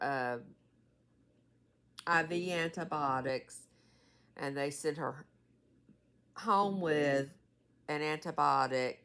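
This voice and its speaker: A woman's voice: deep voice, fairly bright tone. A woman in her sixties giving a rambling, tired casual vlog update as her mother's caregiver. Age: 60s. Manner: rambling, many fillers and trailing asides. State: tired, yawning.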